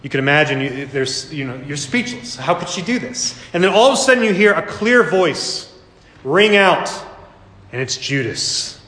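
A man's voice: on the high side, animated, normal speed, a bit bright. A male pastor giving a sermon, telling the scene vividly and acting parts of it out, in a church. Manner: vivid storytelling, acts out scenes. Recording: echoey hall.

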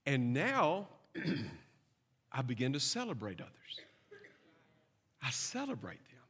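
A man's voice: mid-range voice, wildly swooping pitch, slow pace, fairly bright tone, husky, in a large hall. A middle-aged man preaching a sermon, telling funny stories and checking in with the congregation. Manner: humorous storytelling with asides to the congregation. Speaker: pastor.

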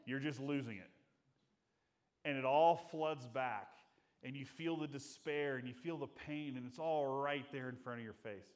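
A man's voice: medium pitch, moderate pace. A middle-aged man preaching a sermon in an earnest, conversational way, acting out the voices of the people he quotes. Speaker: pastor.

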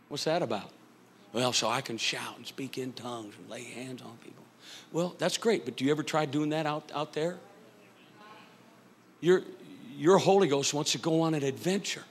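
A middle-aged pastor preaching a sermon in a church, building to loud shouted peaks. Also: male voice, fairly high pitch. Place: church sanctuary.

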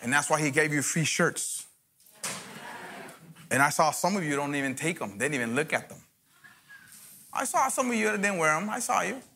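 A man's voice: on the high side, lively intonation, normal speed, gravelly, pauses often, bright, forceful tone, slight background noise. A man, a guest pastor, mixing joking asides with fervent preaching in a church sermon.

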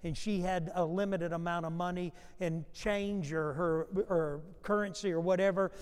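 High-voiced preacher in an echoing sanctuary. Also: male voice, fairly even intonation, moderate pace, clear, resonant tone. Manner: storytelling preacher who swells in volume when acting out quotes. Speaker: pastor. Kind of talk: sermon. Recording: long hall reverb.

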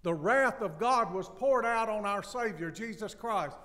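A man preaching a sermon as pastor, animated and acting out scripture scenes with laughs. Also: high-pitched, measured pace, in a large hall.

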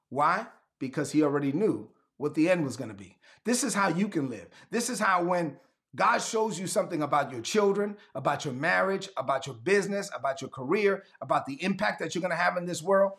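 A man preaching a sermon, emphatic and repetitive, calling for responses and building to shouts. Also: on the high side, lively intonation, moderate pace. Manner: calls for audience response.

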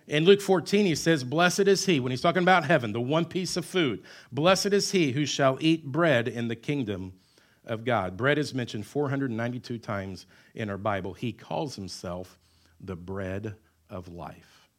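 A man preaching a sermon to his church, mid-pitched and conversational. He rises to loud, emphatic declarations, then falls to hushed, slowed-down phrases. Humorous asides break up the preaching. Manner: wide swings between loud emphatic lines and quiet, drawn-out words. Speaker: pastor.

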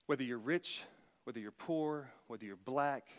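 Preacher in an echoing church. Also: male voice, normal speed. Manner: emphatic preaching that rises loud and high for quoted commands. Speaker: pastor. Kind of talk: sermon.

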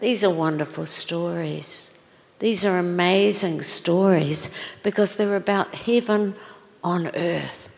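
Woman preacher with a gravelly voice. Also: lowish voice, slow. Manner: exclaiming, questions the audience. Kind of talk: sermon storytelling. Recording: long reverb of a large hall.

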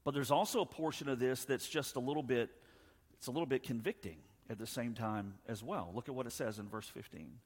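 Male pastor, sermon, emphatic, loud then hushed, mid-pitched voice, long hall reverb. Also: brisk, breathy edge. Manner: emphatic, swings from loud to hushed, acts out scripture dialogue.

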